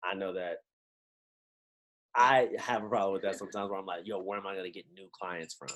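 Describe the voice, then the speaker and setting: A man giving a lively pep talk to his team on a video call, full of slang and rhetorical questions. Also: low voice, brisk, low-quality recording. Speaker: motivational team trainer.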